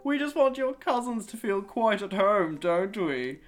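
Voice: mid-range voice, big pitch swings, unhurried, voice pushed up. A podcast host voicing a goofy dad who puts on a posh British accent, in an exaggerated chirpy sing-song. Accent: put-on British. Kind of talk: dramatic book reading.

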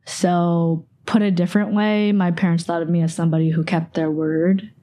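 Her pitch sits fairly low and barely moves as she talks at a moderate pace in a mellow tone. She's a podcast host in her twenties, loosely rambling through a personal recollection and saying "like" constantly.

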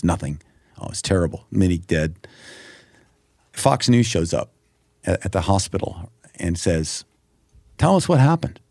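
A man's voice: low-pitched, gravelly, dark tone, breathy edge, dry recording, clean studio sound. A middle-aged man speaking earnestly as a podcast guest, giving personal testimony with emphatic, acted-out quotes. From United States. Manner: earnest, emphatic, acts out quoted prayers and dialogue.

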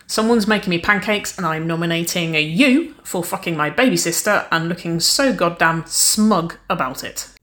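A woman voicing a brash, bold young woman who is a protective older sister, speaking loud and blunt in an audiobook reading. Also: on the low side, normal speed, few pauses, natural voice. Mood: brash, teasing. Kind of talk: audiobook character voice.

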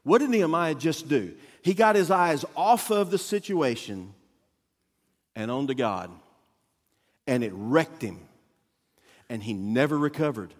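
A man preaching as a guest pastor, with a fairly high voice that swings widely in pitch. He tells his story with acted-out quotes and sudden loud bursts. His voice carries long reverb from a church auditorium. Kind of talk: sermon.

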